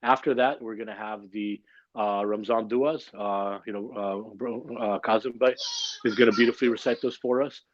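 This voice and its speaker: A man's voice: on the low side, steady tone, normal speed, lo-fi sound, slight background noise. A man hosting a religious gathering on a livestream, in an upbeat and informal way that includes jokes. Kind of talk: casual livestream announcing. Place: online livestream.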